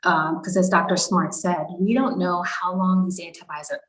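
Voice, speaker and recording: A woman's voice: on the low side, steady tone, moderate pace, fairly bright tone. A woman doctor on a video call town hall, explaining health guidance in a reassuring way. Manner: reassuring, explanatory, frequent "you know". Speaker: doctor panelist.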